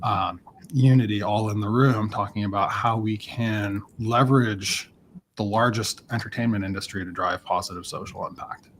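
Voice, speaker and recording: A man speaking on a panel in a halting way, restarting his sentences often. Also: fairly low pitch, fairly even intonation, fairly bright tone, slight background noise. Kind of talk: panel discussion.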